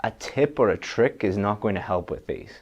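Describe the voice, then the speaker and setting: A man's voice: lowish voice, animated, moderate pace, highs cut off. A man giving a direct, practical online exam-prep lesson, with frequent restarts. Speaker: IELTS teacher.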